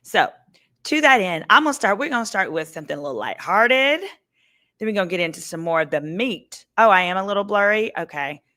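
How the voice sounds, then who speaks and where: A woman's voice: medium pitch, animated, fairly quick, sharp tone. A woman attorney hosting a casual legal commentary stream from a hotel room, chatting with viewers and calling them y'all. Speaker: attorney and show host.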